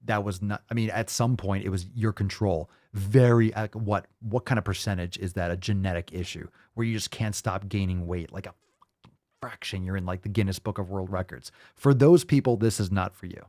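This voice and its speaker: A man's voice: low voice, moderate pace, a little mellow, dry recording, clean studio sound. A man hosting a show, ranting in profane, sarcastic commentary and mocking the people he quotes. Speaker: host.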